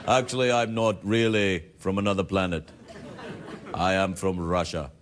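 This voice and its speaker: A man voicing a pompous self-styled alien monkey king with a put-on foreign accent, talking in a low, deadpan way. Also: normal speed, some chatter behind, natural voice. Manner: mock-grand, deadpan joking. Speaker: late-night comedy sketch character. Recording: studio with loud audience laughter.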